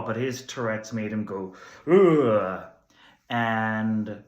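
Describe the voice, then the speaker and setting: A man's voice: mid-range voice, a bit bright. A young man, a stand-up comedian, telling candid, self-deprecating stories in a comedy sketch. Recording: roomy echo.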